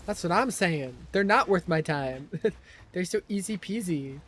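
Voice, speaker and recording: A young man giving live gameplay commentary in a loose, chatty way. He laughs often and swears casually, and his voice sits fairly high. A faint noise hums underneath. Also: expressive, a little slow, a bit bright. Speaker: streamer.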